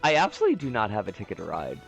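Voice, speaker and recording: A man's voice: huge pitch swings, very fast, gravelly, soft background music. A man streaming a game, chatting in a rambling, jokey way. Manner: rambling, jokey, swoops in pitch. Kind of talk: casual game-stream chat.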